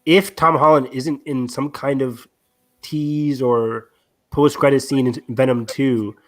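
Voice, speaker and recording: A young man co-hosting a podcast, talking in a relaxed, rambling way. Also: mid-range voice, slow pace. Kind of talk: casual chat.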